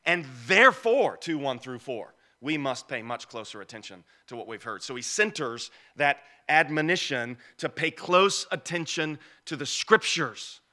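A man delivering an expository sermon in a bright, forceful voice set a little high. He preaches emphatically, rising loud on key lines and sinking to a low murmur for asides. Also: very animated, moderate pace, few pauses. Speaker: pastor.

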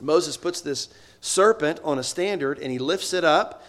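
A man preaching a sermon, slowing down and stressing key words, then dropping low and quiet for asides. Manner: swings between loud emphasis and low, quiet asides.

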